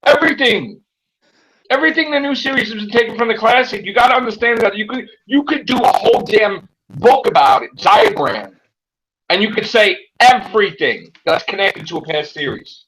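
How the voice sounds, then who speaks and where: A young man hosting a casual fan chat, animated and exclaiming, acting out his own reactions. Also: high-pitched, brisk, poor audio. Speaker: podcast host.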